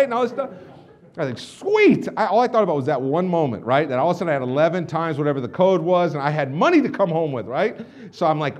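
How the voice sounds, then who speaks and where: A young man giving an energetic storytelling speech to a live audience, acting out quotes with big swings in volume. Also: fairly high pitch. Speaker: company president giving a keynote. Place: large hall in front of a live audience.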